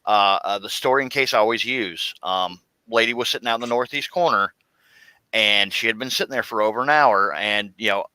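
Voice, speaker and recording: A man, a security officer, telling stories in an animated way in a casual chat. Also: fairly low pitch, fairly quick, clear, resonant tone, no room sound, low-quality recording. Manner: animated storyteller.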